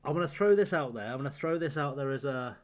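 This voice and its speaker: A man's voice: mid-range voice, expressive, fast. A man chatting casually and tiredly at home on a late-night game stream, joking with his chat and laughing often. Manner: joking banter with chat, frequent laughter, rambling. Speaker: live-streaming gamer.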